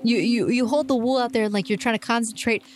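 A woman with a slightly high voice runs a tabletop game, narrating the action. She laughs often between her lines. Faint music plays underneath. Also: fairly even intonation, fast. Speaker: game master.

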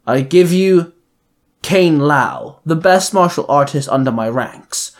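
A man voicing a cold, arrogant male assassin leader who speaks in a measured, condescending way in a fan audio story. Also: fairly high pitch, lively intonation.

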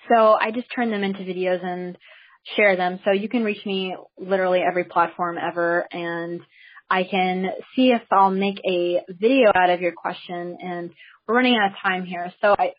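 A woman's voice: mid-range voice, husky, highs cut off. A woman hosting her first teleseminar, talking in an enthusiastic, chatty way to listeners on the call. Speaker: host of a teleseminar. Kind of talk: casual talk to listeners on a call.

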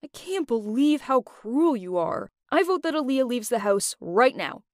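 A woman's voice: high voice, sing-song, a little slow, no echo, studio quality. A woman voicing a bossy, indignant rich teenage boy who takes charge. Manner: commanding, indignant.

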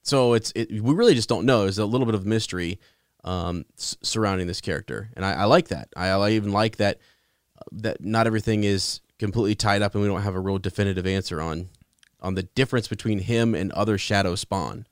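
A man with a fairly low voice rambles through a casual book chat, restarting his sentences. The sound is dry and up close. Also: a little fast, no room sound. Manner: rambling, lots of restarts and fillers. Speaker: book discussion co-host.

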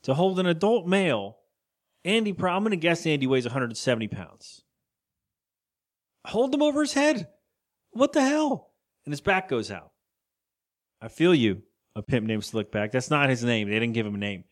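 A man's voice: medium pitch, brisk. A man co-hosting a podcast, chatting casually as he recaps a cartoon episode, rambling and laughing often. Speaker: podcast co-host.

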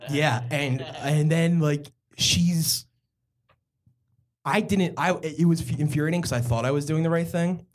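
A man's voice: fairly high pitch, measured pace. A young man from Philadelphia telling a true story on stage at a live comedy podcast, rambling and self-mocking with plenty of fillers.

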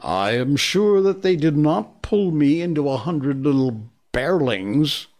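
A man voicing a big old male bear who speaks gravely and wearily, in a storybook reading. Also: a little high, expressive, slow, a little mellow, voice pushed up. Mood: sore. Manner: grave, weary.

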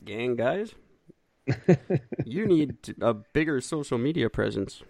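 Podcast co-host, man, animated pitch, joking and profane, dry sound. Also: slow, creaky, no room sound. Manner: joking, riffs with put-on voices, swears. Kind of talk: casual chat.

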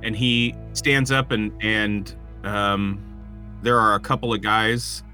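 Low-voiced man narrating a tabletop game. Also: fairly even intonation, slow, bright, forceful tone, soft background music. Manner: descriptive, hesitant with frequent ums. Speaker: game master.

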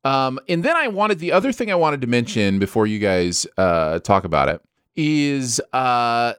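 A man's voice: medium pitch, very animated, normal speed, fairly bright tone, clear, resonant tone, dry recording, clean studio sound. Easygoing American man hosting a chat. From United States. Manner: easygoing, filler-heavy, leads the talk. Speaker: podcast host. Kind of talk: casual chat.

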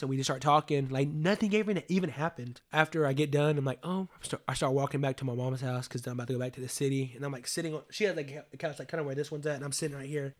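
A man's voice: on the high side, a bit bright. A man in his late twenties telling a personal story in a casual, rambling way, leaning on "like" and swearing freely. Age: 20s.

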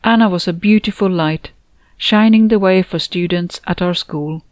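A woman's voice: lowish voice, moderate pace, dry recording, lightly acted. A woman reading a composed male funeral officiant. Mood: formal solemn. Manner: formal, composed.

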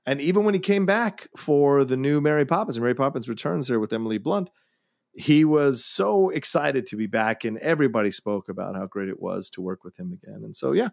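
A man's voice: mid-range voice, animated, brisk, gravelly, a little mellow, dry recording, clean studio sound. A man co-hosting a casual film podcast, giving earnest, emphatic opinions. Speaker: podcast co-host.

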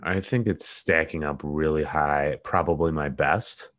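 A man co-hosting a podcast, rambling and joking in casual chat, often trailing off quietly. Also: very deep voice, fairly even intonation, measured pace, dry recording, studio quality. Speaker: podcast co-host.

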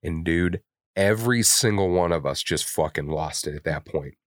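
Deep-voiced man, blunt and profane. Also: normal speed, no echo, clean studio sound. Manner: blunt and heavily profane, openly emotional. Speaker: podcast co-host. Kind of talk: candid casual podcast chat.

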